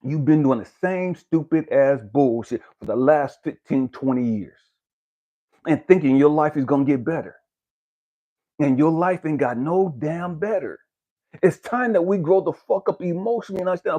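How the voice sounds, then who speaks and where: A man speaking as a spiritual life coach, giving a blunt, cursing motivational rant to the camera that builds to shouting. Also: on the high side, normal speed, highs cut off.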